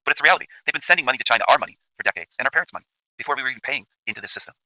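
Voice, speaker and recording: A man from Canada rants at a breakneck pace, cursing and circling back to the same points again and again. His tone is bright and sharp, and he sounds dry and close to the mic. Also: medium pitch, lively intonation, very fast, no echo, low-quality recording. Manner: emphatic, profane, repetitive. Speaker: channel host. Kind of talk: ranting commentary over video.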